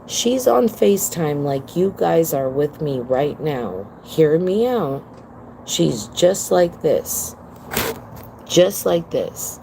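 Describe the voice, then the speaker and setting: This livestream host has a low, dark voice with big pitch swings, vocal fry and a slow pace, captured in a rough recording with slight background noise. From home on her phone, she tells viewers a blunt, profane, emphatic story and calls them "girl."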